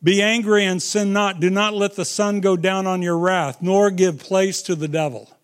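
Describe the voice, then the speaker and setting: A middle-aged man preaching a sermon, telling stories with dramatic swings between loud and hushed delivery. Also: sits high, fairly even intonation, normal speed, clear, resonant tone.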